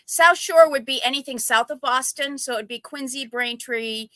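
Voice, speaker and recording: A woman's voice: sits high, normal speed, fairly bright tone, dry recording. A woman from Massachusetts and Maine, a guest on a live stream, answering in short, chatty replies. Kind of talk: casual live-stream chat.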